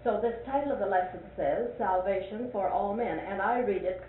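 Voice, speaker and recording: A woman's voice: medium pitch, normal speed, recorded from a distance. An older woman leads a church Bible class, asking question after question and repeating her points for emphasis. Her folksy voice rings through a roomy space. The recording is thin and phone-like, with a faint hiss underneath. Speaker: Sunday school teacher. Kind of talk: leading a Bible class discussion.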